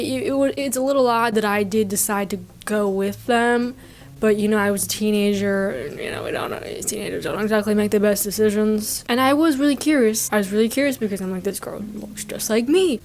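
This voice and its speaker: A woman in her thirties telling a comic story, rambling and breaking off with quick asides. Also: medium pitch. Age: 30s. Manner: rambling, self-interrupting, giggly asides.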